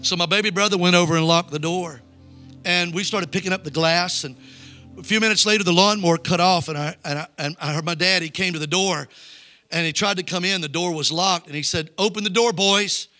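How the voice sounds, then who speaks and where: A man's voice: high-pitched, fairly even intonation, a little fast, bright, forceful tone, no room sound, soft background music. A male evangelist preaching a revival sermon in a church, urging the congregation to call back lines. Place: church sanctuary.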